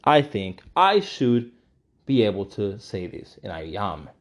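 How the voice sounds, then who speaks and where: A man's voice: fairly low pitch, very animated, a little slow. A man giving ranting commentary while reading from a news article, heated and profane, often repeating himself.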